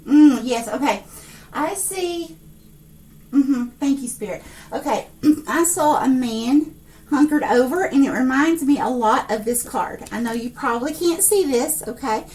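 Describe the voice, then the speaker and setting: A woman giving a monthly tarot reading to her viewers, excitable, filling her talk with fillers and pausing to address a spirit. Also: high voice, far from the mic. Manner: excitable, breathless outbursts, many fillers; speaks to an unseen spirit. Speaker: psychic tarot reader.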